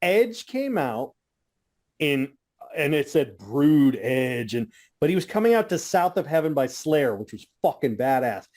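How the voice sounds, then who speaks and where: Excitable man swearing through a story. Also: on the high side, unhurried. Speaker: podcast co-host. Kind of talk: casual chat.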